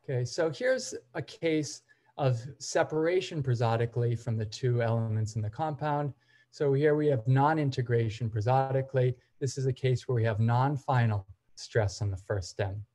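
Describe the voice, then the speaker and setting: A man gives an academic seminar lecture in a mid-range voice. He explains methodically, point by point, and sometimes pauses on brief hesitation fillers. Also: mid-range voice, dark tone. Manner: methodical, explains step by step while walking through examples. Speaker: seminar presenter.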